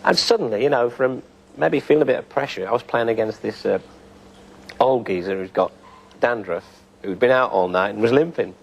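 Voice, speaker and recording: An older man who once played football recalls his playing days in an unhurried, anecdotal way, with plenty of pauses and fillers. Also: mid-range voice, gravelly, husky. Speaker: former footballer interviewee. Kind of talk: reminiscing interview.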